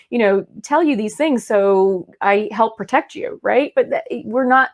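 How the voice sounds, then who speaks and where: A woman in her thirties co-hosts a podcast, chatting freely and laughing often. She puts on squeaky voices to drive her points home.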